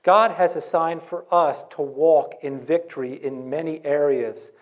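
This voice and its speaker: A male pastor preaching a sermon in church, earnest, with dramatic pauses and scripture read aloud. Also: a little high.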